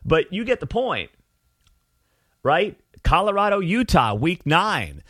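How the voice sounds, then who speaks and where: A man's voice: high voice, sing-song, slow, fairly bright tone, no echo, clean studio sound. A man hosting a live-streamed college football talk show, with sarcastic asides and talking straight to his viewers. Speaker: sports talk host.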